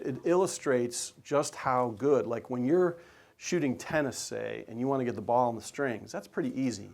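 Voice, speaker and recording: An enthusiastic man presents his photos to an audience in a relaxed, conversational way. He is a working sports photographer who talks easily, with plenty of fillers and restarts, at a mid-range pitch.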